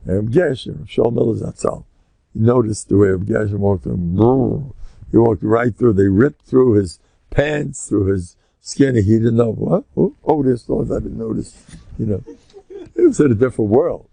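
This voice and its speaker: Older American rabbi lecturing, gravelly, husky, dry close sound, lively animated storyteller. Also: male voice, on the low side, measured pace, dry recording. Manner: animated storyteller who acts out scenes. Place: lecture room with listeners.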